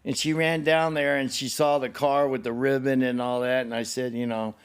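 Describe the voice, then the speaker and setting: Older man, middle-pitched voice, rambling storyteller, profane, emotional, acts out the people he describes. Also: little pitch movement, normal speed, clear, resonant tone. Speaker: guest, the host's father. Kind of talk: personal storytelling in conversation.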